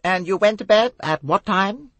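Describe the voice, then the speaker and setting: A man voicing a cool, brisk older British officer who questions coldly. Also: sits high, fairly bright tone, dry recording, voice pushed up.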